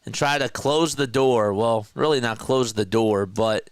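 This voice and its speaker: A man with a South Jersey accent calling a basketball game as a casual live-stream play-by-play commentator, chatty and quick to correct himself. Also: mid-range voice, smooth, dry recording. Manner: chatty, laughs easily, corrects himself mid-call.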